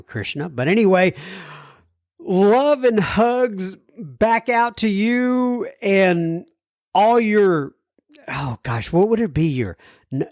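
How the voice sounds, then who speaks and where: A man's voice: high-pitched, darkish tone, no echo, studio quality. A man hosting a podcast, reading out listener letters with chatty asides and stumbling over hard words. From United States. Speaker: podcast host. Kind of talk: reading listener messages aloud.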